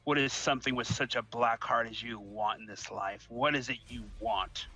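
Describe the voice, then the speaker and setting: A man voicing a gruff male warrior character who interrogates a captive in a theatrical, demanding way. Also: mid-range voice, fairly even intonation, normal speed, bright, forceful tone, poor audio. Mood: menacing.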